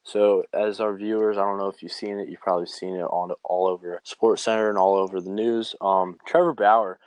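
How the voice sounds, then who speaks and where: A man's voice: low-pitched, steady tone, fairly quick, darkish tone, no room sound, rough recording. A young man hosting a casual podcast chat about baseball, loose and profane, laughing often. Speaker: podcast host.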